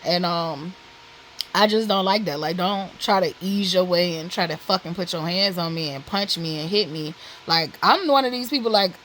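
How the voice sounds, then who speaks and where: A woman's voice: on the low side, normal speed, fairly bright tone, a little hiss or hum, low-quality recording. A woman vlogger telling a personal story candidly, blunt and profane, with lots of "like" and "literally" fillers.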